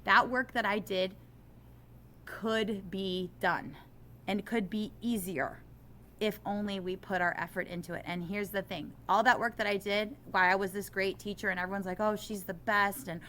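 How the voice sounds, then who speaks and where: A middle-aged woman teacher talking in an interview, animated and self-deprecating, growing impassioned as she makes her case. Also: mid-range voice, normal speed, a little hiss or hum.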